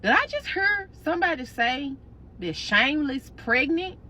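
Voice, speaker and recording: A melodramatic middle-aged mother wails high and overdone, as a woman storyteller plays her. She is childish and attention-seeking. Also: big pitch swings, unhurried, sharp tone, heavily acted. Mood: nasty. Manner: wailing, overdone.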